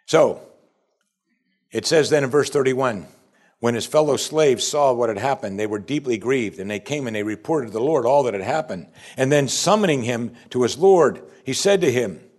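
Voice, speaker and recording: A man preaching a sermon. He climbs to loud, high emphasis, then sinks to quiet, soft passages, and asks his listeners question after question. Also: expressive, moderate pace. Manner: asks the congregation repeated rhetorical questions. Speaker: pastor.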